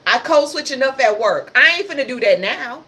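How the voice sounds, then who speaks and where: A woman's voice: sits high, lively intonation, moderate pace, pushed and bright. A woman hosting a casual livestream, talking about the news in a passionate, sarcastic and blunt way. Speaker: livestream host.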